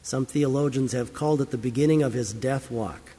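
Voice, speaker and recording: A man's voice: medium pitch, fairly quick, dark tone, breathy edge, in a large hall. A man preaching a sermon, reading scripture and telling a story in an earnest, emphatic way. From United States. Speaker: pastor.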